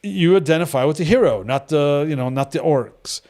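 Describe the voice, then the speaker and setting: A middle-aged devotional group leader speaks fairly quickly in a fairly high, slightly mellow voice. His talk is casual, and he tells stories bluntly with frequent restarts.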